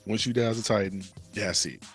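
A man's voice: lowish voice, brisk, soft background music. A man co-hosting a podcast, casually retelling a game's story in slangy talk and acting out the characters' lines. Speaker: podcast co-host.

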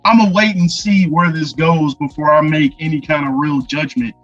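A man co-hosting a podcast in casual chat, laid-back and measured. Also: fairly high pitch, fairly even intonation, fairly bright tone, lo-fi sound, soft background music. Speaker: podcast co-host.

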